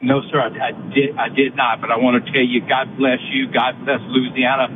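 A man's voice: mid-range voice, flat delivery, normal speed. A man from New York calling in to a radio show, effusive and stammering. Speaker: caller. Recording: tinny phone line with loud road noise.

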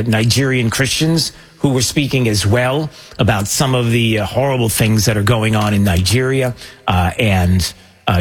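A man's voice: medium pitch, breathy edge. A man hosting a commentary show, rambling with lots of fillers and joking at himself. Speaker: show host. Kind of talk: casual news commentary.

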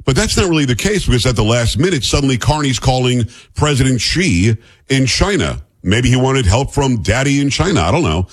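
A man's voice: mid-range voice, big pitch swings, brisk, husky. A man hosting a radio talk show, chatty and opinionated, with a plain Midwestern radio accent. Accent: neutral Midwestern radio. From New York.

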